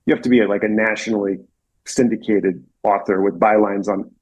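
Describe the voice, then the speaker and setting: A man's voice: lowish voice, fairly even intonation, fairly quick. A man guest on a podcast, chatting casually about his trade in a laid-back way and acting out his clients. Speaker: podcast guest, plaster contractor. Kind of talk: casual conversation.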